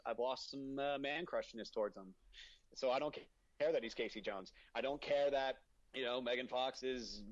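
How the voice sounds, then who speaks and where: A man's voice: medium pitch, dull audio. A man co-hosting a podcast, ranting and teasing his friends in casual banter, often repeating himself. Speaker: podcast co-host.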